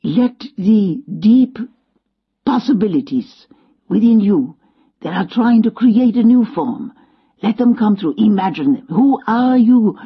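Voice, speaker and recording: Gentle old Frenchman mentor, French accent, slow and coaxing, husky, muffled recording, put on by a woman storyteller. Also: mid-range voice, expressive, voice pushed up. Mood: urging. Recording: dull lo-fi sound.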